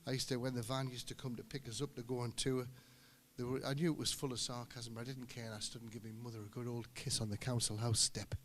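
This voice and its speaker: A middle-aged singer-guitarist telling rambling, joking stories between songs at a live gig. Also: male voice, medium pitch, flat delivery, fast, fairly bright tone, a little hiss or hum. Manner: joking, anecdotal storyteller. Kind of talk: rambling stage banter. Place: live music venue on stage. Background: guitar music.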